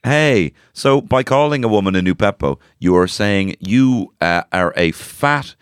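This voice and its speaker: Dublin guy cohosting, sweary banter, lowish voice. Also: lively intonation, a little slow, clear, resonant tone, no echo, studio quality. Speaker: podcast co-host. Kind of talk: casual chat.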